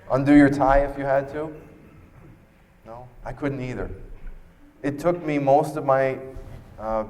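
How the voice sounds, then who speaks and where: A man giving a motivational keynote on stage, telling stories and acting out quoted dialogue with asides to the audience. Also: on the low side. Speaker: motivational speaker. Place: large conference hall. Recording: reverberant hall.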